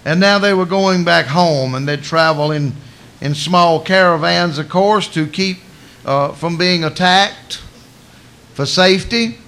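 A man's voice: a little high, a little slow, sharp tone. A man preaching a sermon in a folksy, storytelling manner with colloquial asides.

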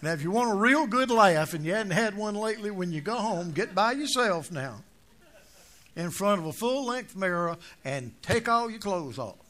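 An older man preaches in a folksy, joking way, his voice sitting high for a man. He drifts into low, quiet asides, then climbs to loud, punchy declarations when he drives a point home. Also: animated, normal speed. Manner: storytelling with jokes, swings from low asides to loud emphatic points. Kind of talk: folksy humorous sermon.

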